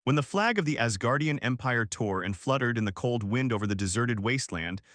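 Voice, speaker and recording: A man narrating a manga story recap in a steady, even storytelling delivery. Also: medium pitch, fairly quick, dry recording, studio quality.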